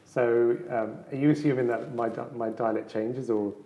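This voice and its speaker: A man's voice: mid-range voice, fairly even intonation, normal speed, mellow, echoey room, poor audio. A man from the English Midlands with a light Midlands accent, an art dealer chatting in an interview, hesitant with many ums and restarts. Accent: English, Midlands-tinged. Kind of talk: casual interview chat.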